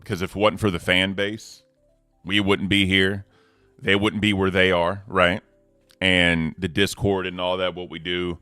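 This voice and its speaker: A man hosting a casual livestream, laid-back and slangy, giving hype shout-outs to the community. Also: low-pitched, level tone, unhurried, clean tone, dry recording, faint music behind. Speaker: host.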